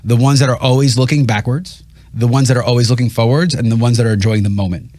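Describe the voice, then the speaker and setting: A man hosting a radio talk show, talking with fast, emphatic energy in a casual chat with his guest. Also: mid-range voice, no room sound. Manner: fast, emphatic, animated storytelling. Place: radio studio.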